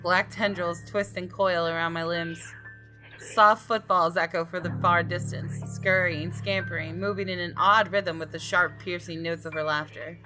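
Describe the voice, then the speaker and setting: A woman's voice: lowish voice, fairly even intonation, normal speed, over music, close to an everyday voice, poor audio. A woman reading aloud the first-person narration of a tense young man in a visual novel, in her own voice without putting on another.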